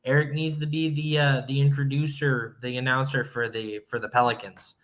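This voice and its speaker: A man with a medium, fairly bright voice speaks at normal speed with little pitch movement. He co-hosts a casual sports podcast, teasing his partner and laughing often.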